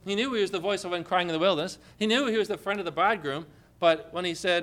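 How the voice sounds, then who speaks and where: A male pastor preaching a sermon, lively and often asking the congregation questions. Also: high-pitched, quick pace.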